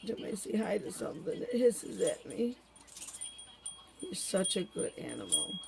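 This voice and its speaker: A woman's voice: mid-range voice, very animated, moderate pace, creaky, background noise. A woman filming her pets at home, chatting and coaxing them in a sing-song voice. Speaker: pet owner filming her animals. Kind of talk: casual home video chat.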